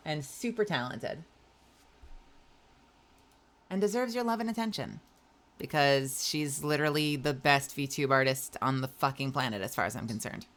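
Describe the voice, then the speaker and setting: A woman's voice: a bass voice, lively intonation, normal speed, long pauses, fairly bright tone. A woman in her thirties chatting casually on a live stream, giggly and playful with lots of swearing. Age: 30s. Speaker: livestreamer.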